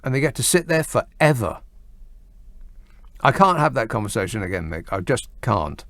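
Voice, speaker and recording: A man's voice: mid-range voice, very animated, normal speed, a bit bright, no echo. A man hosting a late-night radio phone-in, sardonic and exasperated as he argues with callers. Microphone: studio microphone.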